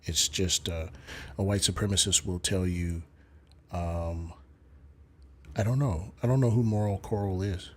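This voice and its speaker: A man's voice: deep voice, a little slow, pauses often. A man hosting a live stream, lecturing and debating callers in an emphatic way, swearing casually.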